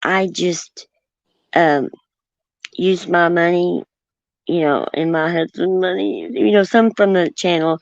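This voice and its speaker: A woman's voice: lowish voice, steady tone, slow pace, gravelly, long pauses, no room sound. Rambling Oklahoma country woman, lo-fi. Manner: rambling, hesitant with many fillers. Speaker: guest. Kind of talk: casual chat.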